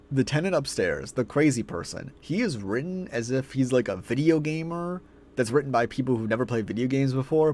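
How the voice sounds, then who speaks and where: A man's voice: mid-range voice, a little mellow. A man ranting through a film review in a profane, exasperated way.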